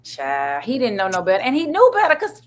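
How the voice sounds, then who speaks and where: A woman co-host in casual podcast chat, lively, laughing often and quoting characters. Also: a little high, brisk, crowd noise.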